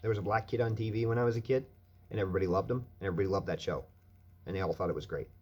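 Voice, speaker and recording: A man's voice: fairly low pitch, very fast, a little mellow, husky. A man delivering a profane, angry rant as a vlogger, swearing constantly.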